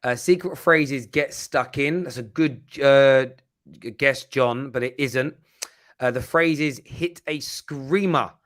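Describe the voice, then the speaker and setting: Bright-voiced man hosting. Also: medium pitch, slow. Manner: animated, stammering restarts. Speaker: host. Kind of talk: casual livestream chat.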